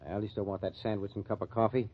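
An actor playing a sarcastic, tough-talking club owner in a 1940s radio drama. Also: male voice, lowish voice, flat delivery, quick pace, close to an everyday voice. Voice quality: sneering, tough-guy slang. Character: gruff, sarcastic male club owner, middle-aged, bitter. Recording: muffled old radio recording.

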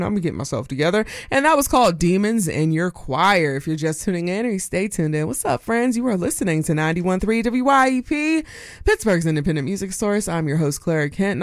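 A woman's voice: lowish voice, no echo, clean studio sound. Playful chatty radio DJ woman. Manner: chatty, playful, jokey asides. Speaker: radio DJ host. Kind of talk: radio DJ patter. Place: radio studio. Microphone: studio microphone.

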